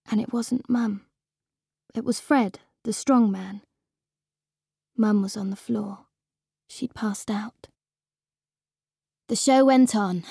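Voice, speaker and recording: A woman reading a storybook aloud as an expressive first-person narrator. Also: medium pitch, dry recording, studio quality. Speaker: audiobook reader.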